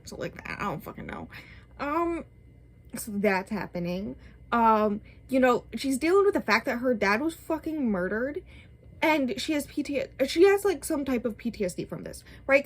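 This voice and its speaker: A young woman vlogging a casual, exasperated book rant, with lots of "like" and "um". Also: on the high side. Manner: animated, exasperated, lots of filler words. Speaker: book reviewer.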